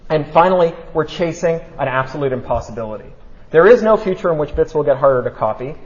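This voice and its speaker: A man giving a public talk, fast and animated, who keeps asking his audience "right?". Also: on the high side. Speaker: speaker at a talk. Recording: dull lo-fi recording.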